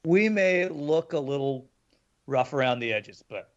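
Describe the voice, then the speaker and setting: A man chatting casually as a player in a tabletop game, joking and animated. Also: medium pitch, a little slow. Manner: joking, animated, laughs often. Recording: dull lo-fi audio.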